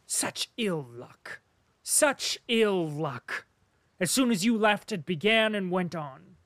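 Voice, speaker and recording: A man voicing a gloomy, hot-tempered small cavalry officer who shouts and rants. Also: high voice, normal speed, no room sound, voice pushed up. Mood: ranting. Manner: loud, blustering, shouting.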